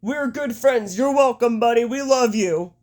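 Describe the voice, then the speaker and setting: A woman doing an impression of a smug male pro wrestler cutting a promo, in a higher, exaggerated announcer-like delivery. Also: measured pace, darkish tone, natural voice.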